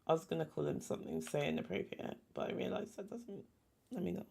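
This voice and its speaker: A woman's voice: low voice, wildly swooping pitch, quick pace, creaky, dark tone, a little hiss or hum. A woman chatting casually while playing a game, talking to herself and to the animals in it. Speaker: game streamer. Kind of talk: casual gameplay chat.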